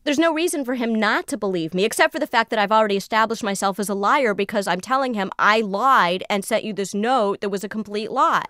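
A woman's voice: medium pitch, a little fast, hardly any pauses, no room sound, clean studio sound. A woman recounting a personal story in conversation, acting out the lines of the people in it. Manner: animated, re-enacts dialogue. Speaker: storyteller guest.

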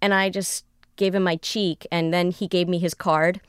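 A woman with a fairly low, clear, resonant voice speaks at a normal pace in a clean studio with no room sound. As a storyteller guest, she recounts a personal story in conversation, animatedly acting out the lines of the people involved.

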